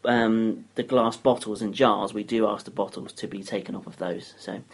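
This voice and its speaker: A man's voice: lowish voice, steady tone, moderate pace, a little hiss or hum. A man hosting a casual radio chat, joking and chatty with his guest. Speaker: radio host.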